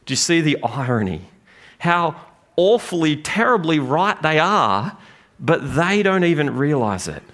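Animated man preaching. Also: a little high, a little slow. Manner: lively, animated preaching with jokes. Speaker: pastor. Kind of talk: sermon. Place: church gathering room.

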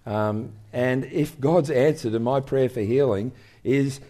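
An older man speaking as a guest in an on-stage interview, telling stories in an animated way. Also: medium pitch, a little slow. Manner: animated storyteller, acts out voices in anecdotes.

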